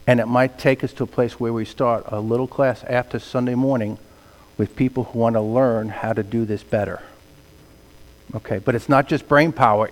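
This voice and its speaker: A man preaching a sermon as pastor, swinging between quiet remarks and loud emphatic passages. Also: medium pitch. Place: church sanctuary. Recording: long reverb of a large hall.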